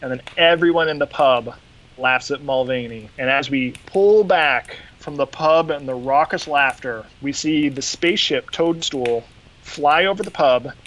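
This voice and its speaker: A man with a fairly high, slightly slow voice hosts a podcast, casually retelling an episode and acting out the quotes with animation. The low-quality recording carries a faint hiss or hum.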